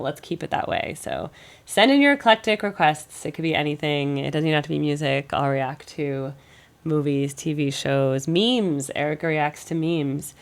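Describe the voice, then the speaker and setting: A woman's voice: low-pitched, creaky. An American woman hosting a music reaction channel, chatting in a rambling, think-aloud way while getting over a cold. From United States. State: recovering from a cold. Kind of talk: casual reaction commentary.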